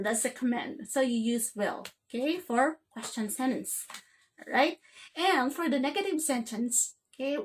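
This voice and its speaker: A woman teaching an English grammar lesson. Her voice sits a little high. She keeps checking in with "okay?" after almost every phrase.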